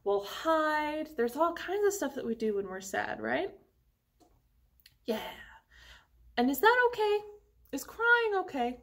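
A woman music teacher leading an online lesson for young children, talking slowly and encouragingly and singing short phrases with an instrument. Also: high voice, very animated, creaky, a bit bright.

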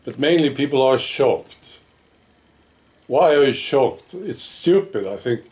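A man talks to his viewers in an unhurried, drawn-out way, in a mid-range voice. He chats casually, leaning on rhetorical questions and little asides like "right?" and "you know". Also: medium pitch, lively intonation, darkish tone. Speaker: political vlogger. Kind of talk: casual opinion monologue.

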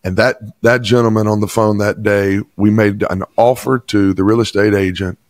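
Speaking steadily at a normal speed in a lowish voice, this man recounts an emphatic personal testimony for an interviewer. He is a pastor from Chattanooga, Tennessee, and the recording is dry.

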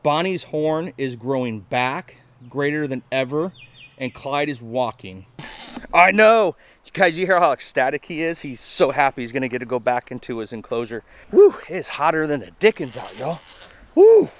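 A man hosting a casual farm vlog outdoors, chatting folksily to the camera and talking to his goats in an excited sing-song. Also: mid-range voice, normal speed. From Nebraska, USA. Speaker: homestead vlogger.

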